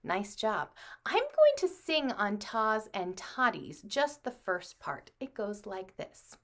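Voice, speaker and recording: A woman music teacher leading a children's lesson, speaking slowly and encouragingly to the kids. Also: medium pitch, very animated, fairly bright tone. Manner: slow, encouraging, addresses children.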